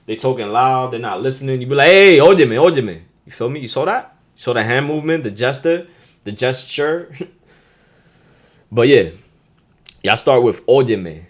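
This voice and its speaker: A man with a New York accent hosting a podcast, teaching slang in a loose, profane, animated way and getting loud when he acts out phrases. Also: mid-range voice, moderate pace, long pauses. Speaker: podcast host. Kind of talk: casual podcast lesson.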